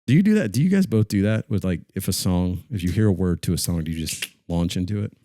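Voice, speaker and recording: A man's voice: low voice, lively intonation, quick pace, dark tone, dry recording. A man hosting a podcast in casual, joking chat with friends, often trailing off mid-thought. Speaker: podcast host.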